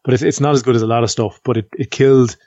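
A man's voice: mid-range voice, fairly even intonation, rapid-fire, a little mellow, no room sound, dull audio. A man co-hosting a podcast over a call, playful and teasing. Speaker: podcast co-host. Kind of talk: casual chat on a video call.

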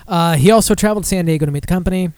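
A man with a higher-than-usual voice hosts a casual podcast. He reads news aloud and breaks off for profane, sarcastic asides. The sound is dry and close. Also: racing, a little mellow, dry recording. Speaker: podcast host.

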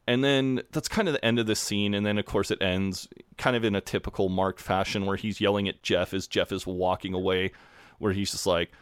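Low-voiced man in a dry podcast recording. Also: fairly quick, clear, resonant tone, no room sound. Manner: animated retelling, slips into character voices. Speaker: podcast co-host. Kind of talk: casual chat recapping a TV episode.

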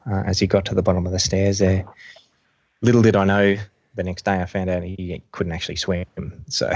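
A man, a helicopter pilot, telling a rescue story in a halting way with many fillers. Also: low voice, dry recording. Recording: dull lo-fi dry sound.

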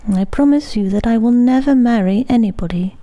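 A woman's voice: a little high, fairly quick, dark tone, lo-fi sound, pitched above the performer's own voice, close to an everyday voice. A woman reading aloud, voicing an earnest, proud young parson's daughter in a grave, earnest way.

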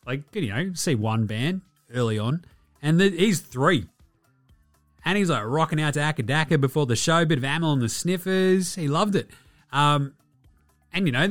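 A man's voice: on the high side, fairly bright tone, no echo. An Australian man in his thirties hosting a casual sports podcast, sweary, irreverent and rambling. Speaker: podcast host.

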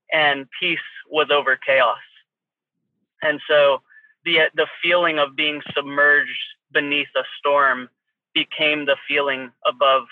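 A man with a slightly high voice shares a vision earnestly over a tinny phone line. His tone stays flat and level, and the sound is dry. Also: dry recording.

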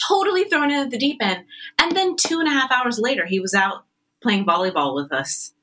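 A woman's voice: a little high, a little fast, slight background noise, low-quality recording. A woman opera singer as interview guest, telling stories animatedly and acting out the voices of others. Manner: animated storyteller, acts out quoted voices. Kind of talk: conversational interview storytelling.

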